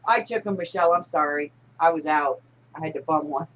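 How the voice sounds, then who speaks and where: A woman hosting a casual live-stream chat, laughing loudly and often. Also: deep voice, fairly quick, dull audio, slight background noise. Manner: loud laughing, animated. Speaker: host.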